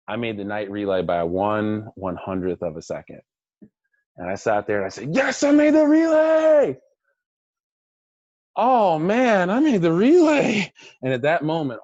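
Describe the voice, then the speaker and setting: Deep-voiced man telling an animated story. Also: no room sound, highs cut off. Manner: lively storyteller, acts out quotes with shouts, drops to a hush for reflective parts. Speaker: Olympic swimmer giving a team talk.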